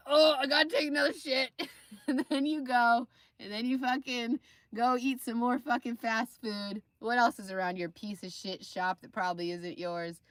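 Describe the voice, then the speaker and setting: A woman's voice: medium pitch, a bit bright, no echo. A young woman live streamer talking in a casual vlog rant, swearing freely and full of scorn. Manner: profane, scornful, ranting.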